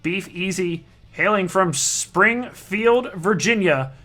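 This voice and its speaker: A man with a bright, forceful, fairly high voice calls a live online darts league broadcast. He banters casually, cracks jokes, and stops to fix his own slips as he reads through players and stats. Soft music plays faintly underneath. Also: slow. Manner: casual, joking, often corrects himself mid-sentence.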